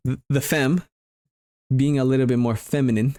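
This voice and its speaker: A man's voice: mid-range voice, fairly even intonation, normal speed, mellow. A man hosting his own show, talking loosely in a rambling, joking monologue with some swearing. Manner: loose, joking and profane, often trailing off into asides. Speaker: vlogger host.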